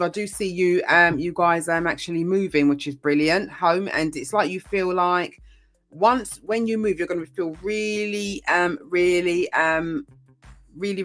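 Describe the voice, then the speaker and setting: A woman giving a casual tarot reading, chatty and rambling, with frequent ums and mild swearing. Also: fairly low pitch. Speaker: tarot reader.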